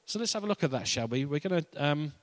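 A man's voice: on the high side, animated, fast, no room sound. A man preaching a sermon as a pastor, in a conversational, playful way with asides.

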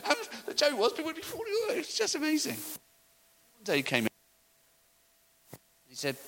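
A middle-aged man telling an animated story in a sermon, acting out the voices of the people in it. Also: fairly high pitch, husky, rough recording. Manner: animated storytelling, acts out voices, laughs often. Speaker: preacher. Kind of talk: sermon anecdote.

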